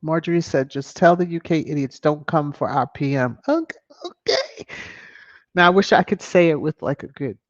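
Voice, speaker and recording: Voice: mid-range voice, brisk, hardly any pauses, no room sound. Chatty live stream host, lo-fi sound. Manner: chatty and animated, laughing often. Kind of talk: casual live stream chat, reading viewer comments aloud. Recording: dull lo-fi dry stream audio.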